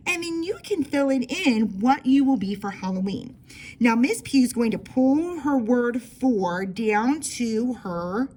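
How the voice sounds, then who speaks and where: A woman teaching a young children's writing lesson, sounding out words slowly and encouraging her students. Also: medium pitch, a little mellow. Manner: slow, stretched-out word sounding for young children. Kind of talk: early-grade writing lesson.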